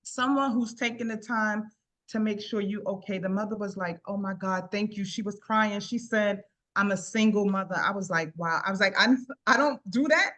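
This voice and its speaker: A middle-aged woman tells a personal story in an earnest, conversational way, looping back with "I said" again and again. Her voice sits at an ordinary pitch for a woman. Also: normal speed. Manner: repeats "I said" often, warm earnest retelling. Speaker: guest sharing a personal story. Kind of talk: casual storytelling.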